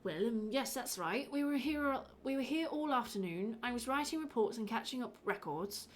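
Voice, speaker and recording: A woman doing a soft-spoken Irish village doctor. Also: fairly high pitch, animated, moderate pace, a little hiss or hum, lightly acted. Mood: measured. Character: mild male village doctor giving an alibi.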